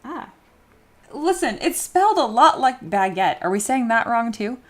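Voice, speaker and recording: A woman's voice: fairly high pitch, big pitch swings, normal speed. A woman hosting a sculpting livestream, chatting casually and reading viewer comments aloud with self-deprecating humor. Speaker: livestream host sculpting 3D models. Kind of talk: casual livestream chat while working. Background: soft background music.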